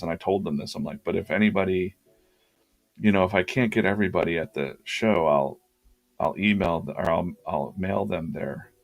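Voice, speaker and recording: A man's voice: low-pitched, creaky, no echo. A man hosting a live drawing stream, telling a long anecdote in a casual, rambling way with lots of fillers and restarts.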